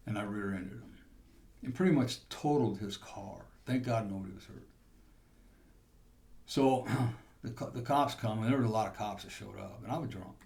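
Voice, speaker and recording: A man's voice: on the low side, normal speed, gravelly, a little mellow. A man hosting a podcast, telling a personal testimony in a rambling storytelling way with restarts. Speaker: podcast host.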